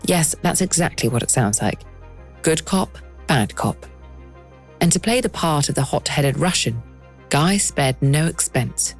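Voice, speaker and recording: A woman hosting and narrating a documentary podcast in a measured, lightly wry scripted style. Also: low-pitched, lively intonation, faint music behind.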